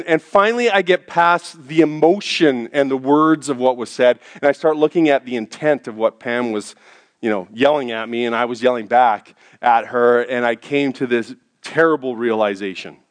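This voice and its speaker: A middle-aged man preaching a sermon to a congregation in a church, telling personal stories and dropping his voice low for quoted thoughts. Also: clear, resonant tone. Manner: storytelling, drops to a hushed low voice for quoted thoughts. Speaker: pastor.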